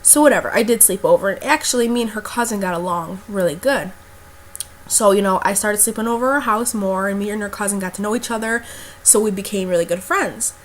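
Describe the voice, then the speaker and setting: A woman's voice: medium pitch, brisk, a little hiss or hum. A young woman vlogger telling a personal story in a casual, blunt way, with lots of fillers and swearing.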